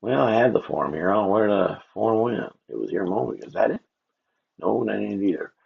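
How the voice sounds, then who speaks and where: A man rambles through a live drawing stream, talking to himself and to his viewers. His voice sits very low, with a gravelly, husky edge. His pitch rises and falls a lot as he talks, and the audio sounds a little dull and lo-fi. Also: lively intonation, fast talker. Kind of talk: casual livestream chat while drawing.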